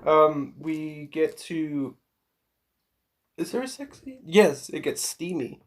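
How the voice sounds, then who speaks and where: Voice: medium pitch, animated, slow pace. A podcast co-host casually walking through the plot of a horror movie, now and then quoting the characters. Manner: plot-summarizing, laid-back, quotes characters in passing. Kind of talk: casual movie recap chat.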